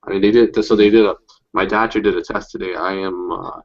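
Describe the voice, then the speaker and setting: A man's voice: low-pitched, fairly even intonation, fast, highs cut off. A young man chatting casually, rambling through stories with lots of swearing and restarts. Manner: rambling, profane storytelling with many restarts. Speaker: chat participant telling stories. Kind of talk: casual group chat.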